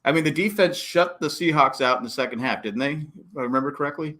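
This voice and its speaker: Animated man talking football. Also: on the high side, fast talker. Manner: animated, acts out coaches and fans with exclamations. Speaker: podcast host. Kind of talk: casual sports talk.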